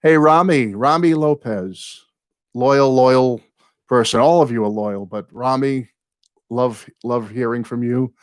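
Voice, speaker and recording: An older American man in his sixties hosting a live viewer chat, in a medium voice recorded dry and close. He talks like a rambling storyteller, drifting off into long tangents. He apologizes often and speaks warmly to his regulars. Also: mid-range voice, slow pace, dry recording. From United States. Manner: apologetic, warm toward viewers. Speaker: host.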